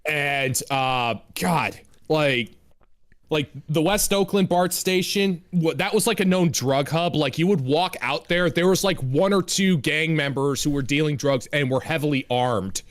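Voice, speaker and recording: High-voiced, laid-back male co-host. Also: measured pace. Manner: relaxed, drawling, many likes and filler words. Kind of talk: casual comedy chat.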